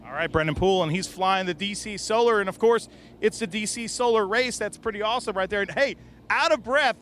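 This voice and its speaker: A man hosting casual interviews in an outdoor race garage, loud and jokey. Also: sits high, slight background noise. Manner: loud, jokey, quick to exclaim. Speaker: garage reporter and host.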